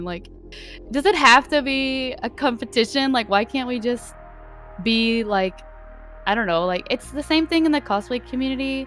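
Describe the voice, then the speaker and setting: A woman's voice: a little high, animated, moderate pace, fairly bright tone, soft background music. A young woman chatting as a streaming guest, laughing often and restarting her sentences. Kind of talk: casual chat.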